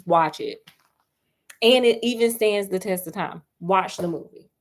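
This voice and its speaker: A film reviewer chats casually about a movie, full of asides, speaking straight to her viewers while doing crafts at home. Her voice is medium-pitched and unhurried.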